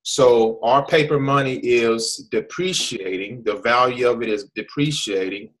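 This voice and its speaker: With slight background noise and poor audio, an American man of medium pitch speaks unhurriedly in a slightly bright tone. He's hosting a casual online hangout, explaining with frequent restarts and "okay?" checks.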